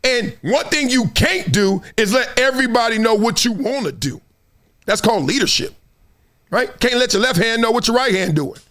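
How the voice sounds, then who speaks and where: A middle-aged man hosting solo sports commentary, animated and fond of acting out quotes in other voices. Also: very high-pitched, normal speed.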